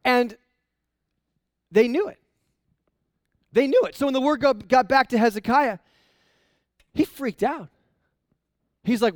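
A male pastor preaching a sermon in a conversational, animated way, often restarting his sentences. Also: very high voice, a little slow, long pauses, no room sound.

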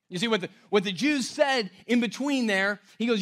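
High-voiced male preacher, emphatic. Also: expressive, a little fast, hardly any pauses. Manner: emphatic, swings between loud stress and near-hushed lines. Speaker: pastor. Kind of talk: sermon.

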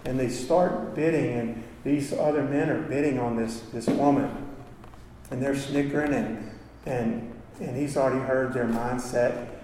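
A man's voice: medium pitch, steady tone, a little slow, warm tone, slight background noise. A man preaching a sermon in a church, telling a story with emotion and calling for amens. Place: church hall. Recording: echoey hall from far off.

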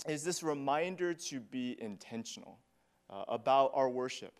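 A man in his thirties preaching a sermon as pastor, earnest and conversational, often checking in with "you know" and "right?". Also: mid-range voice.

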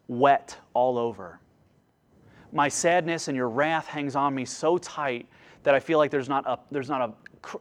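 A man in his thirties preaching a sermon, earnest, his voice climbing and sinking as he restarts phrases. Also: a little high. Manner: earnest, rising and falling delivery with frequent restarts. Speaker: pastor.

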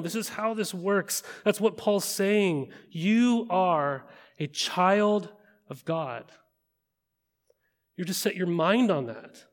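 Conversational male preacher in a reverberant hall. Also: sits high. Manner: conversational, rhetorical questions with frequent "right?". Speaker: pastor. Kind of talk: sermon. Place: large room with an audience.

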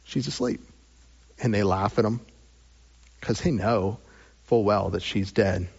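A man preaching a sermon as pastor. He moves between raised, emphatic lines and hushed, drawn-out phrases with long pauses. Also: lowish voice, fairly even intonation, gravelly, breathy edge, muffled recording.

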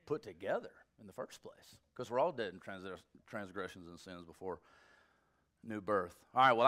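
Bright-voiced joking preacher man. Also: fairly low pitch. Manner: animated, joking, conversational preaching. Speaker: pastor. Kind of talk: sermon.

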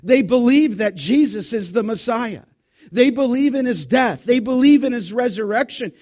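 A middle-aged male pastor preaching an expository sermon, emphatic and slowing down to stress key words. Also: very high voice, expressive, a little mellow.

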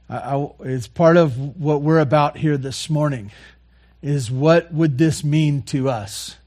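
A man preaching a sermon, earnestly repeating key phrases and moving between quiet, soft lines and louder passages. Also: on the high side. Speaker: pastor.

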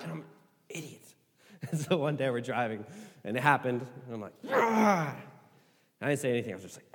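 Pastor, man, high voice swinging widely, casual animated sermon delivery, echo of a hall. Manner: conversational, animated preaching with asides and laughs. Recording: hall reverb.

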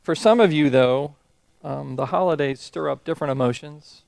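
A man's voice: a little high, moderate pace, vocal fry, clean tone, no room sound. A middle-aged man preaching a sermon in a conversational, self-deprecating way, telling jokes and stories. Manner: conversational, self-deprecating, animated storytelling voices. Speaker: pastor. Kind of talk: sermon with humorous anecdotes.

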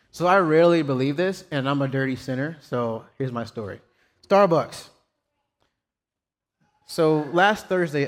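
Casual preacher man in a reverberant hall. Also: medium pitch. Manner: casual storytelling preacher, self-deprecating. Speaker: pastor. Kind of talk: sermon.

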